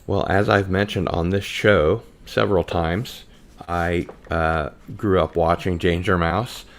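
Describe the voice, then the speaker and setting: A man's voice: sits low, measured pace. A man hosting a casual podcast, chatting loosely and reading out viewer comments. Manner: relaxed, reads out viewer comments. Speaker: podcast host. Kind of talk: casual live-stream chat.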